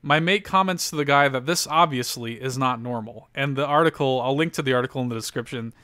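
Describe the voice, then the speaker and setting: A man's voice: medium pitch, fast, bright, forceful tone, clean tone, no room sound, studio quality. A man hosting a casual podcast, reading an article aloud with lots of laughter and loose, profane storytelling. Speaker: podcast host.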